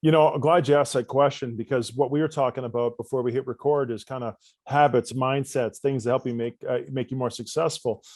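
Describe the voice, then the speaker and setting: A man, a coach guest on a podcast interview, telling stories with lively, acted-out dialogue in a casual conversational way. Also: mid-range voice, fairly quick, hardly any pauses, no room sound. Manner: animated storyteller, acts out dialogue.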